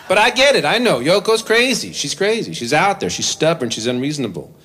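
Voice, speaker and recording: A man performing live, telling a comic story between songs in an animated, self-deprecating way into a stage microphone. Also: fairly high pitch, brisk, slight background noise. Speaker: comedic musician performing live. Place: live venue with audience.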